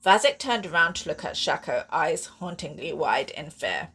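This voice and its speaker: A woman author reading her own sci-fi horror novel aloud in steady, expressive audiobook narration. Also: low voice, moderate pace, slightly rough.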